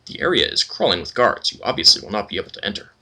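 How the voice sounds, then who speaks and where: A man's voice: on the low side, sing-song, very fast, sharp tone, husky. A man hosting a let's play, reading game text aloud and commenting casually with wry asides.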